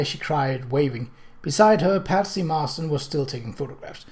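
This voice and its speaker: A man reading a novel aloud in a steady, expressive narration. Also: a little high, moderate pace. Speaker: audiobook reader.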